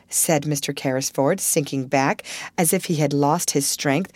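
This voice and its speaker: A woman reading a storybook aloud as an audiobook narrator, in an expressive, measured way. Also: sits low, no echo. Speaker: audiobook reader. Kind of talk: scripted narration.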